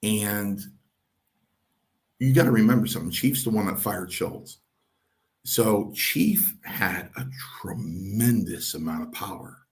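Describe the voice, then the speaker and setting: An older man with a low, gravelly voice tells stories from his wrestling days in an interview. He is animated, and he acts out the lines of the people in his stories. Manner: animated anecdote-telling, voicing others in quotes. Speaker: former pro wrestler, interview guest. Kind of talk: storytelling in an interview.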